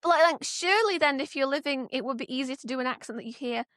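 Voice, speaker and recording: A woman's voice: high voice, fairly bright tone, no room sound, clean studio sound. Chatty Northern English woman co-host. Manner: chatty, thinks aloud with quick restarts. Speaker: podcast co-host. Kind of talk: casual chat.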